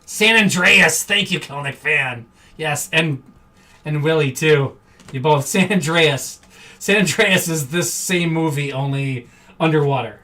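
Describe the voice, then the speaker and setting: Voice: mid-range voice, unhurried, pushed and bright, distant mic. A card-break host from Wisconsin, chatting casually and rambling on a live stream indoors. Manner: chatty, rambling, easily amused. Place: indoor room.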